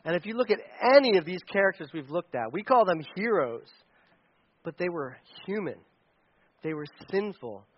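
A man's voice: high-pitched, very animated, moderate pace, slight background noise. A man preaching a sermon as pastor, conversational with casual asides, in a dull lo-fi recording. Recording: dull lo-fi sound.

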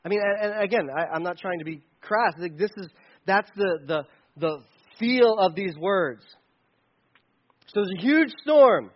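A man preaching a sermon in a conversational, animated way, sometimes shouting for emphasis. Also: high voice, a little slow, highs cut off. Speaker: pastor.

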